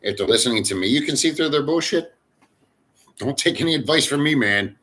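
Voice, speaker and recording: Middle-aged male livestreamer, bright forceful voice, loose profane rambling chat. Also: medium pitch, lively intonation, fairly quick. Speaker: livestream host. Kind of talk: casual live chat with viewers. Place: in the Philippines.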